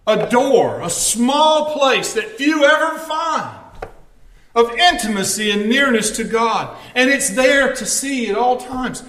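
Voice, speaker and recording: Male preacher, chatty storytelling sermon with dry humor, sharp bright tone, roomy echo. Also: very high voice, animated, takes it slowly. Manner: storytelling, wry asides. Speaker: pastor. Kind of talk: conversational sermon.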